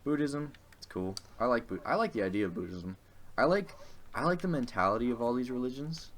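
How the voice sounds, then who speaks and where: A man's voice: mid-range voice, expressive, fairly quick, a bit bright. A young man co-hosting a casual podcast chat. He rambles, hesitates and swears often. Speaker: podcast co-host.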